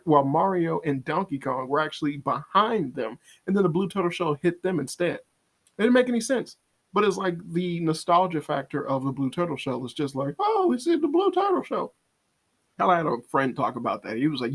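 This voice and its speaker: A man giving a casual spoken movie review, rambling and exasperated, often restarting and acting out quoted asides. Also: mid-range voice.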